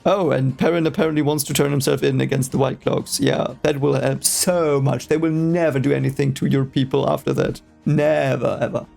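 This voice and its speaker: A man's voice: mid-range voice, steady tone, fairly quick, gravelly, few pauses, a little mellow, soft background music. A man whose first language is German, casually reading a book aloud for the first time and reacting with rambling, hesitant, exasperated asides.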